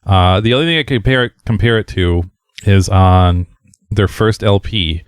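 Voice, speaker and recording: A male podcast co-host with a fairly low, clear, resonant voice chats about a punk record at a moderate pace. It's a casual record-review conversation, relaxed and rambling, full of fillers, laughs, and easygoing asides, recorded dry.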